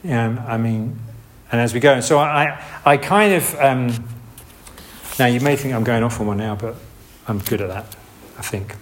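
A man's voice: medium pitch, normal speed, a little hiss or hum. A man giving a casual, rambling sermon. He restarts often and makes asides. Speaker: preacher. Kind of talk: informal sermon.

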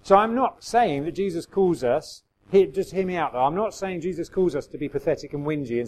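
A middle-aged man gives a relaxed, chatty sermon. His voice sits a little higher than most men's, and he slips into quoted voices with self-deprecating humour. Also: brisk, few pauses, low-quality recording. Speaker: pastor.

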